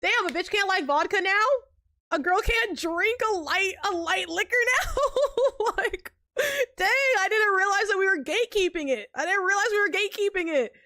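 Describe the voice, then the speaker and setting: Young woman, streamer, high-pitched, casual slangy chat, frequent laughter, dry recording. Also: moderate pace, no echo. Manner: animated, slangy, laughs often between lines. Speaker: live streamer.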